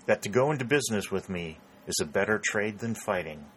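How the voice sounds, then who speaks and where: Shrewd old fat contractor guy, smooth and sure of himself, man reading him. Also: on the low side, lively intonation, fairly quick, a bit bright, a little hiss or hum, rough recording. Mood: self-assured. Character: elderly rotund male war contractor, shrewd and alert.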